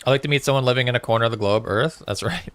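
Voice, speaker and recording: A man's voice: medium pitch, rapid-fire, a bit bright, dry recording. A man chatting casually with viewers on a live gaming stream, reading out chat messages with lots of fillers. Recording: faint music behind.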